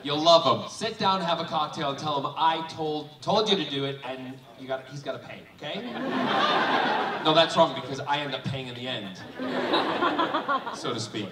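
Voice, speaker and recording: A man's voice: mid-range voice, normal speed. A man talking on a live convention panel, teasing and joking with fans in camp banter. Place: large convention hall with audience. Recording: echoey hall, distant, loud crowd.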